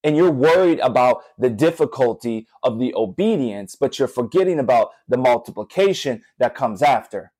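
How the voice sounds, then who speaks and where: Earnest guy preaching on a podcast, repeats himself, talks right to you, mid pitch, dry close sound. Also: expressive, moderate pace, few pauses, darkish tone, breathy edge, dry recording, poor audio. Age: young adult or middle-aged father. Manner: earnest, repetitive, direct to listeners. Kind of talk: podcast sermon.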